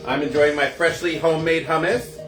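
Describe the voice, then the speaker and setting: A man's voice: fairly high pitch, steady tone, brisk, reverberant, over music. A man hosting a casual live cocktail show from his kitchen, chatty and gushing as he greets viewers. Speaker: host of a home cocktail livestream.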